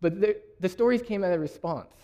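A man's voice: high-pitched, a little fast, mellow. A young man from Canada giving a sermon, reading scripture aloud and laughing often. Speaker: preacher.

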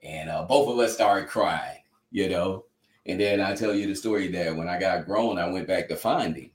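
Recorded in an echoey room, a man with a low-pitched voice speaks at normal speed during an interview. His conversational testimony is earnest and heartfelt, preacher-like, and full of "you know."

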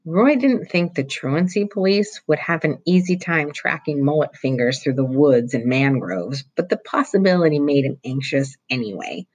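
A teacher reads a novel chapter aloud to students in a steady storytelling way. The voice is husky, with a medium pitch. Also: moderate pace, few pauses, poor audio.

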